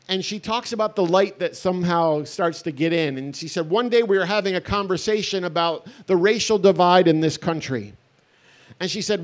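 A middle-aged man, a pastor, giving an earnest, conversational festival talk with wry asides. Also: high voice.

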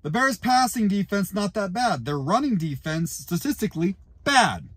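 A man giving an angry, profane fan rant to camera, breaking into shouted outbursts. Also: high voice, very animated, moderate pace, breathy edge, no echo. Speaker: YouTuber and football fan.

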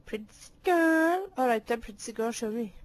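Young woman, casual voice clips, high voice, swooping pitch, giggly, sweary, teasing. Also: expressive, normal speed. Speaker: voice clip maker. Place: cold room at home. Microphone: handheld mic.

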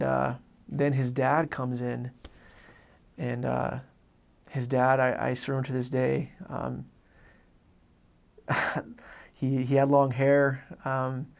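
A young man, a former missionary, telling a personal story in a halting way, repeating words and filling pauses. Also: medium pitch, completely flat delivery, vocal fry, a little mellow.

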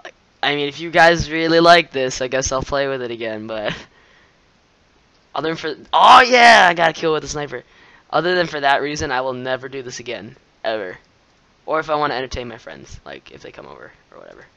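An excitable young man commentates his own gameplay, laughing and yelling at opponents. His voice is bright and forceful, at a middle pitch. The sound is dry and close, with no room around it. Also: fairly quick, smooth, dry recording, rough recording.

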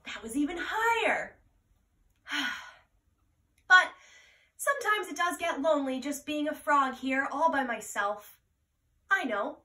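Woman children's teacher, high lively voice, slow and coaxing, echoey home room heard from a distance. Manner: gentle, playful, slow and encouraging. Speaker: children's yoga and music teacher. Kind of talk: kids' mindfulness lesson with singing. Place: at home, roomy indoor space.

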